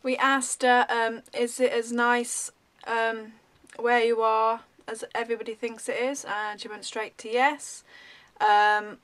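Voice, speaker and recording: A woman vlogger telling a story in a rambling, animated way, full of ums. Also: fairly high pitch, slow pace. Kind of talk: casual storytelling.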